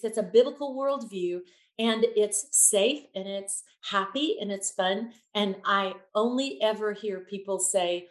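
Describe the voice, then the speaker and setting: A woman who leads children's ministry music, telling stories as an interview guest and acting out the lines she quotes. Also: mid-range voice. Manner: animated, acts out quotes with shifting voices. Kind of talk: conversational interview storytelling. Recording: echoey room.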